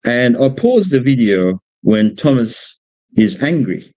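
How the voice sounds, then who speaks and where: A man from Australia, a father, speaking informally about raising children, halting and repeating words as he tells stories about his young son. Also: medium pitch, big pitch swings, dark tone, no echo, poor audio. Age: adult parent of a two-year-old. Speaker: speaker giving a religious exposition on parenting. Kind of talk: informal talk with personal stories.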